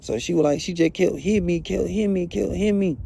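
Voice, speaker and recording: A man's voice: high voice, fast talker, vocal fry, dark tone, slightly rough. A man telling a first-hand story in blunt, profane, casual talk, often asking "you know what I'm saying". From Atlanta.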